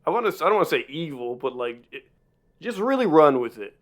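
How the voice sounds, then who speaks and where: A man's voice: on the high side, very animated, fast talker. Rambling male podcast co-host. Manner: rambling, self-interrupting storyteller. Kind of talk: casual comedic chat.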